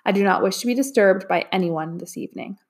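A woman's voice: medium pitch, quick pace, a little mellow, close to an everyday voice. A woman voicing a playful, commanding young king, regal and teasing in a storybook reading.

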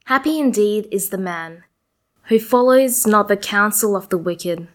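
A woman serving as lector at Mass, reading the psalm verses and the Gospel acclamation in a measured way. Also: medium pitch, expressive. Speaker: lector and cantor. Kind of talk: reading and leading the responsorial psalm.

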